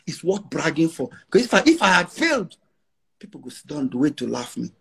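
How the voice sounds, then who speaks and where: This man, about forty and Igbo from Nigeria, speaks with a Nigerian Pidgin English accent. His voice is on the high side, creaky and slightly rough, brisk, with big swings in pitch. A musician guest in a casual interview, he talks brashly and emphatically, repeating lines for effect.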